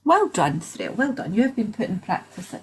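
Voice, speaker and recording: A Scottish woman co-hosting a livestream, blunt, quick to laugh and swearing freely. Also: medium pitch, very animated, slight background noise. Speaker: co-host. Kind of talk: casual livestream chat.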